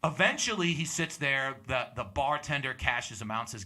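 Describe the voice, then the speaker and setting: A man's voice: medium pitch, very animated, fast talker, few pauses, sharp tone. A young man hosting a show, telling a bar anecdote and acting out the other people's lines. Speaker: comedian and show host. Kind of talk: casual storytelling chat.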